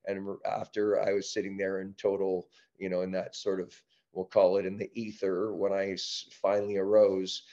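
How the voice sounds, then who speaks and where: A man from Canada, a guest in a casual interview, recounts a story in an animated way, often restarting his sentences and leaning on "you know." His voice sits on the low side. The audio is muffled and lo-fi. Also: moderate pace. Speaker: podcast guest, breath-work business founder.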